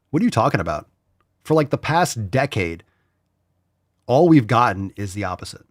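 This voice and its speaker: A blunt, profane man holds forth as a podcast host. His pitch swings widely as he scoffs. The sound is dry and close. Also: very animated, moderate pace, pauses often, dry recording. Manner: blunt, profane, mocking voices for emphasis. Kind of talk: casual opinionated chat.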